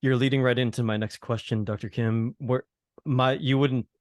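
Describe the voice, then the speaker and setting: A man hosting a podcast interview, chatting in a personal, slightly halting way. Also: medium pitch, steady tone, no room sound, clean studio sound. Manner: conversational, personal, a bit halting. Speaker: podcast host.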